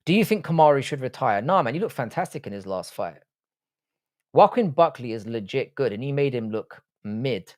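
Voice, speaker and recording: A man hosts a loose livestream, answering viewer comments with crude banter and constant swearing. His voice sits at an ordinary middle pitch. The sound is dry and close, with no room echo. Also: expressive, moderate pace. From United Kingdom. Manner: profane, bantering, slangy. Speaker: livestream host. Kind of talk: casual livestream chat reading viewer comments.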